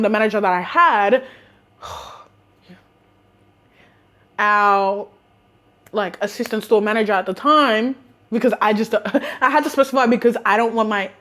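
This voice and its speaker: A young woman with an Australian accent telling a casual storytime, animated and sarcastic, often breaking into laughter. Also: mid-range voice. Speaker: vlogger.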